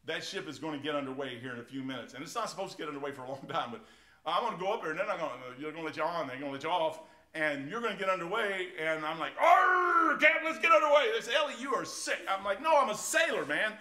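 Folksy, animated pastor with a bright voice. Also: male voice, fairly high pitch, racing. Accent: American. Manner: folksy and animated, keeps saying "man", tells anecdotes. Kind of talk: informal verse-by-verse sermon. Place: church sanctuary.

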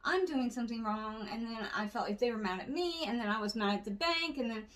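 A woman's voice: on the high side, fast talker, distant mic. A woman in casual podcast chat, telling stories expressively and acting out what people said. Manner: expressive storyteller, acts out voices.

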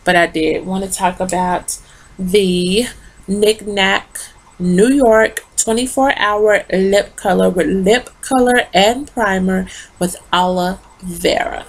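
A woman's voice: medium pitch, takes it slowly. A tired woman rambling through a casual lipstick review into her phone, talking straight to her viewers. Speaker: beauty vlogger.

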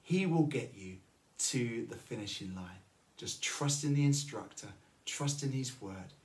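A man's voice: mid-range voice, expressive, unhurried. A man preaching a sermon, telling a personal story and earnestly encouraging his listeners. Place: church.

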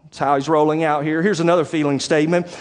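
High-voiced pastor preaching in a church. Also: male voice, quick pace. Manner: animated, conversational preaching with direct questions to the congregation. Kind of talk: sermon. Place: church sanctuary. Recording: long church reverb.

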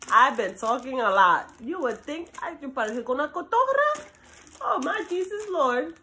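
A middle-aged woman with a New York accent chats to her viewers at a quick, easy clip. Her voice sits high and sounds bright and forward. She keeps drifting from one topic to the next. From Brooklyn, New York. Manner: chatty, animated, talks fast and drifts between topics. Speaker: vlogger. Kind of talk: casual chat to camera.

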